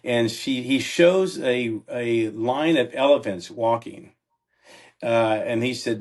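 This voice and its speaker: A man's voice: medium pitch, slow, darkish tone. A man in his sixties, a guest on a podcast, earnestly telling his life story and often checking in with "right?". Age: 60s. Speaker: entrepreneur guest. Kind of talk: personal storytelling in a podcast interview.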